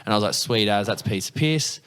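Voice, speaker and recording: A man's voice: fairly low pitch, fast, clean tone. A young Australian man telling stories in a casual interview, swearing freely and acting out quotes from others. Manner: swears freely, animated anecdotes with acted quotes. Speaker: guest.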